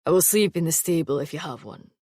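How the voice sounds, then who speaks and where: A woman's voice: low voice, animated, fast talker, a little mellow, dry recording. Woman reading as a stern immortal swordsman. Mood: steady, formal. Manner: formal, clipped, dry. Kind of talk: audiobook character reading.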